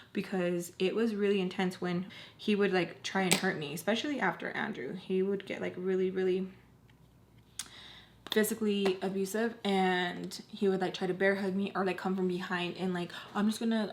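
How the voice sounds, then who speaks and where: A woman's voice: mid-range voice, steady tone, normal speed, a little hiss or hum. A young woman in her twenties telling a personal story to camera in a casual storytime, filling her sentences with "like" and sometimes dropping to a near whisper. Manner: frequent "like" fillers, drops to near whispers when tense.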